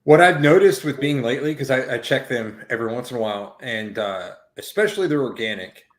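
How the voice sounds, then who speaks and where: A man's voice: mid-range voice, expressive, a little fast, reverberant. A man co-hosting a casual chat, rambling with many fillers and swearing freely. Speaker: podcast co-host.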